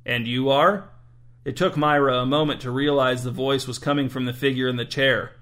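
A man's voice: medium pitch, level tone, a little fast, a bit bright. Dry-voiced man narrating a story.

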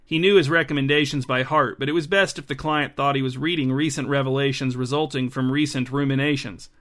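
A man narrating a story in a dry, measured storytelling manner. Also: mid-range voice, steady tone, fairly bright tone. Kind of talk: scripted narration.

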